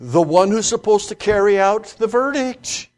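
A man giving a classroom Bible lecture, halting with fillers and restarts, reading scripture aloud slowly with emphasis. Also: high-pitched, expressive, darkish tone.

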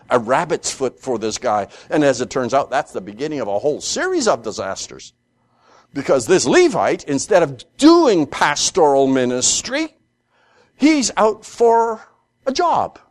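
A man teaching through a scripture passage, acting out the characters' lines and often repeating words while thinking aloud. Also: a little slow. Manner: animated, acts out the characters' lines with rising pitch. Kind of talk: expository Bible teaching.

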